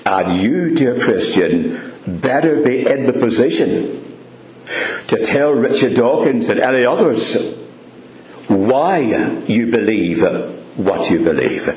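A man preaching a sermon, emphatic and repeating his questions, with gently humorous asides. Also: medium pitch, sing-song, slow. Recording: echoey church room.

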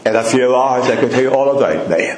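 Addressing his congregation in a church hall and naming individual members, a man preaches with fervent, repeated emphasis. He has a brisk, expressive mid-range voice. The audio carries a roomy hall echo with slight background noise.

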